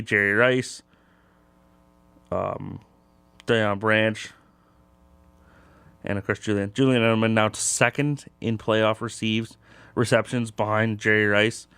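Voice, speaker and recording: Young man, sports host, loose and rambling, dry close sound, clear voice. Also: on the low side, flat delivery, a little slow, pauses often, a bit bright, no echo. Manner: loose and rambling, many fillers. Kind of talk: casual sports talk.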